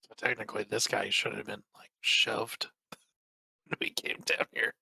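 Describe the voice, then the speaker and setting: A man's voice: lowish voice, little pitch movement, unhurried, creaky, bright, forceful tone, slightly rough, no echo. A man playing in a tabletop game, easygoing and asking questions about the rules. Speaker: player. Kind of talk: casual tabletop game chat.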